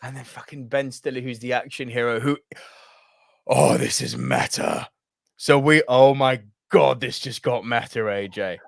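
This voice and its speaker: A man co-hosting a movie podcast, talking in an excited, animated way and swearing often. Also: mid-range voice, a little slow, creaky, dry recording, studio quality. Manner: animated, swears a lot, acts out film quotes. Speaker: podcast co-host. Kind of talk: excited casual chat.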